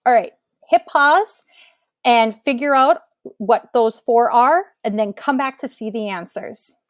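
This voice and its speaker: A woman teacher giving a recorded grammar lesson, explaining clearly and patiently with example sentences. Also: a little high, slow, no echo.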